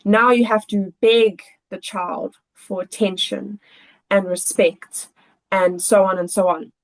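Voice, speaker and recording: A woman's voice: medium pitch, fairly even intonation, slow, gravelly, rough recording. A woman guest on a podcast, a children's coach, speaking earnestly and thoughtfully in casual conversation.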